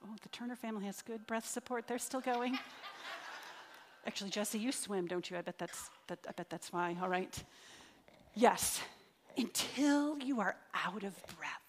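A middle-aged woman delivers a sermon in a church sanctuary, her mid-pitched voice earnest and deliberate. She leans on key phrases and draws them out, then settles into a soft, prayerful tone. A long reverb from the hall trails each sentence. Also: slight background noise. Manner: earnest, drawn-out emphasis, leads the congregation in prayer. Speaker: church speaker.

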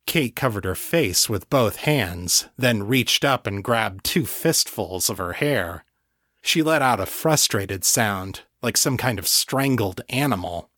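A man reading a novel aloud as an audiobook narrator, in an even, measured storytelling way. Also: on the low side, no echo, studio quality.

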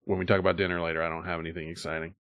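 A man hosting a casual group chat show, animated and quick to laugh. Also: low-pitched, narrow, tinny audio, very noisy. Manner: animated, laughs often, mimics others. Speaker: podcast host.

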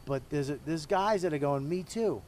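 A cigar-smoking, middle-aged comedian gives a casual interview, speaking frankly and profanely and running himself down. He talks fairly quickly in a higher, slightly mellow voice over a little hiss or hum.

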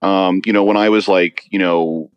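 A man speaking as a guest in a casual interview chat, halting with many restarts and fillers. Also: deep voice, steady tone, smooth, dull audio. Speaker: guest bodybuilder.

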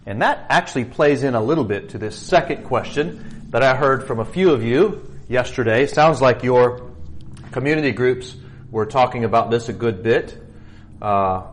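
A man preaching as pastor, explaining scripture in a conversational way, with fillers and rhetorical questions. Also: fairly low pitch. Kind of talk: sermon teaching.

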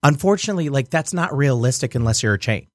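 A man's voice: medium pitch, fast, no room sound, studio quality. A man who owns a restaurant, chatting casually on a radio show, acting out voices and laughing often. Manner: animated storyteller, acts out voices, laughs often. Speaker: restaurant owner.

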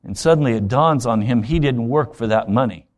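Storytelling pastor preaching a sermon. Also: male voice, medium pitch, darkish tone. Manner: storytelling preacher acting out scripture dialogue; rapid rhetorical questions to the congregation.

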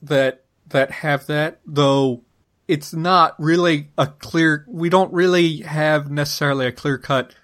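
A man's voice: on the high side, steady tone, slow, a bit bright. A man co-hosting a podcast, talking through a linguistics topic in a casual, hesitant way, with many fillers and restarts. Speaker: podcast co-host.

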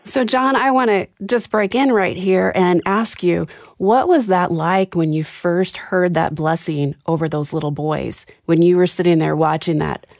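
Low, gravelly woman host asking questions. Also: unhurried, hardly any pauses, dry recording, clean studio sound. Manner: gentle, probing questions. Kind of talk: radio interview.

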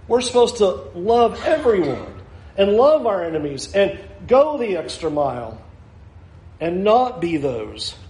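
A man's voice: high voice, a little mellow, reverberant, poor audio. A male pastor preaching a sermon, earnest and building to emphatic challenges.

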